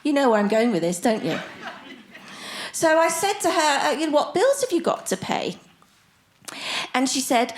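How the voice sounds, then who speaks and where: A woman's voice: high-pitched, very animated, moderate pace, pauses often. A woman of sixty, performing a chatty, self-mocking stand-up set and bantering with the crowd. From Australia. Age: 60s. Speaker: stand-up comedian. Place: theatre stage before a live audience.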